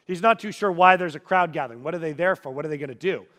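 A man with a high voice delivers a sermon with dramatic storytelling, moving from hushed, quiet passages to full shouts. His voice rings out with a long reverb, as in a large sanctuary. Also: fast talker. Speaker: preacher.

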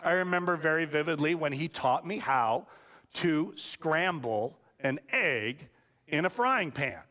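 A man's voice: on the high side, lively intonation, unhurried, bright, forceful tone. A man preaching a sermon as a pastor, telling stories in a casual, joking way. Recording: long hall reverb.

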